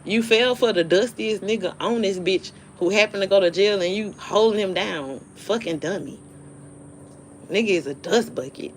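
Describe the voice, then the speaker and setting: A woman's voice: medium pitch, normal speed, a little hiss or hum. Blunt, profane woman ranting on a livestream. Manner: blunt, profane, dismissive, animated storytelling. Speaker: livestream host. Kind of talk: casual live-stream rant.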